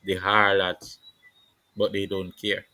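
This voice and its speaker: A man's voice: low-pitched, completely flat delivery, takes it slowly, sharp tone, no echo, rough recording. A man delivering an impassioned political monologue with a preaching, declamatory cadence and repeated phrases. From Jamaica. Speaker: political commentator.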